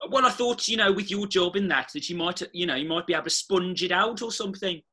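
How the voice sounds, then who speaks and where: A bumbling, flustered son-in-law, played by a man, stumbling over his words in a bright, husky voice. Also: high voice, quick pace. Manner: flustered, hesitant, stammering.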